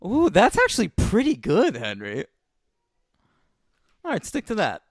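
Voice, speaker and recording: A high, lively-voiced man co-hosts a casual film podcast. He banters fast with crude jokes. The sound is close and dry. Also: no echo. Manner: joking, profane, quick banter. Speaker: podcast co-host. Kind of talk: casual film review chat.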